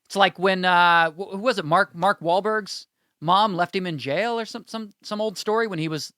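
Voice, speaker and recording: A man co-hosting a comedy podcast, telling a news story in a wry, deadpan way. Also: high voice, moderate pace, dry recording, clean studio sound. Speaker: podcast co-host. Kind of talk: casual comedic chat.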